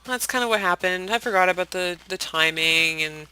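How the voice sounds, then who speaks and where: A young adult chatting casually while playing a game, rambling and self-deprecating, sometimes dropping into soft whispered asides. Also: medium pitch, brisk, smooth, low-quality recording. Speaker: Minecraft let's-play host. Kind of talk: casual gameplay commentary.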